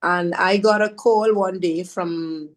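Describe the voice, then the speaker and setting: A woman's voice: lowish voice, steady tone, slow pace. Earnest woman telling her story. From Trinidad. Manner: earnest, repeats phrases for emphasis; devout, speaks of faith warmly. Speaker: guest. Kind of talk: heartfelt personal storytelling.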